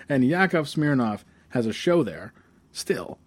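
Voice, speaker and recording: A man's voice: medium pitch, very animated, unhurried. Laughing, swearing podcast co-host man. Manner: laughs often, swears, reads jokes aloud. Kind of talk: casual podcast banter.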